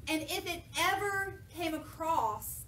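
Woman preacher, high bright voice, lively and jokey, heard from a distance in an echoey church. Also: takes it slowly, a little hiss or hum. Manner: lively, jokey, acts out voices of people in the story. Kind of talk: sermon with playful paraphrase.

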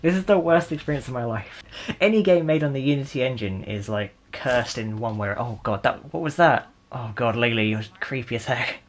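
A man's voice: medium pitch, expressive, brisk. A man in his twenties giving sarcastic, jokey let's-play gaming commentary and laughing often. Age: 20s. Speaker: gaming channel host.

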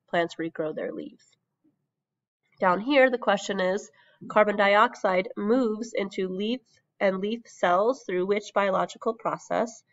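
A woman's voice: medium pitch, no echo, muffled recording. A woman teacher with a sick voice, explaining a recorded lesson over slides, with frequent ums.

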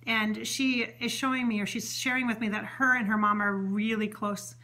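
Bright-voiced woman rambling through a channeling session. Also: a little high, steady tone, normal speed. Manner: rambling, chatty, with many fillers and restarts; earnest and emotional, relaying what a spirit says. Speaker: psychic medium host. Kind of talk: spontaneous channeling session monologue.

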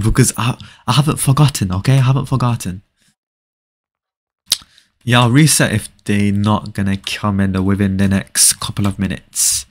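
A man's voice: on the low side, moderate pace. A young man chatting casually with viewers during a live game stream, often repeating short phrases.

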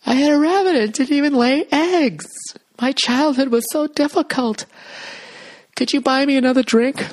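A whiny, airheaded young woman who feels sorry for herself, as a man puts her on in a comedy podcast. She talks in a squeaky, girlish voice that jumps way up high. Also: moderate pace. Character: ditzy young waitress, airheaded and self-pitying.

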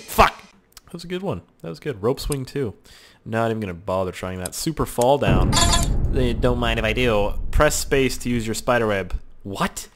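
A young man doing loud, excitable gaming commentary, swearing, yelping and shouting as he plays. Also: mid-range voice. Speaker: gaming YouTuber.

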